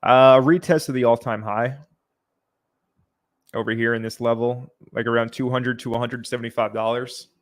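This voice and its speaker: A man hosting a livestream, reading out viewer comments and answering them in a relaxed, chatty way. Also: medium pitch, moderate pace. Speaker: livestream host.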